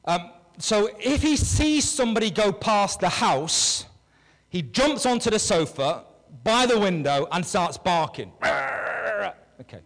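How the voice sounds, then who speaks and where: A male pastor preaching a sermon to his congregation, animated, swinging between loud calls and hushed words. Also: sits high, unhurried, long reverb tail, rough recording. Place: church hall with a congregation.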